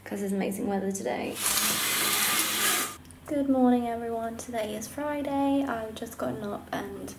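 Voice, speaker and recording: A young woman vlogs casually at home, holding the camera herself, her voice on the high side and her pace moderate. She often drops to a near whisper, and there's background noise.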